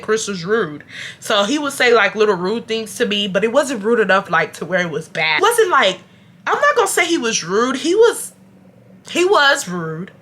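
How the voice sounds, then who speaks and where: Though she's feeling sick, this young YouTuber keeps her storytime casual and lively, addressing her audience directly as "y'all." Her voice is bright and forward, sitting in the mid range.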